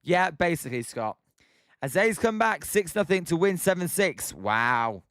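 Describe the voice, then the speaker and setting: A man's voice: fairly high pitch, very animated, a little slow, a bit bright, smooth, no room sound, studio quality. A young British man hosting a live stream, calling play-by-play and chatting with viewers by name. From Britain. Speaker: live stream host calling a baseball game. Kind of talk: live play-by-play commentary while reading chat.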